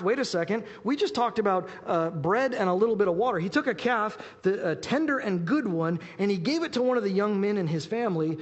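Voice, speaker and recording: Fast-talking male pastor in an echoing hall. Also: sits high. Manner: quick, animated, with frequent restarts. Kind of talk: sermon with Bible reading. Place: warm church hall. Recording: reverberant hall.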